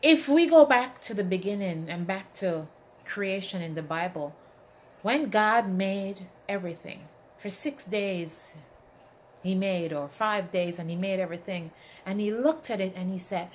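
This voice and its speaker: At normal speed and in a mid-range voice, a female motivational speaker gives an inspirational talk. She's emphatic, turns to the audience with "right?", and tells spirited stories with acted quotes.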